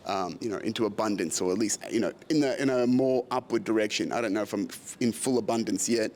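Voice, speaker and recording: A man's voice: fairly low pitch, fast talker, darkish tone. A man, hosting his own podcast in a candid, confessional monologue that rambles and swears freely. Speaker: podcast host. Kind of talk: candid personal vlog monologue.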